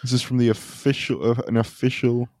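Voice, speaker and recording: A young man co-hosting a casual podcast, playful and teasing in quick banter. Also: mid-range voice, steady tone, darkish tone, no room sound, studio quality. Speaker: podcast co-host. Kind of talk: casual chat.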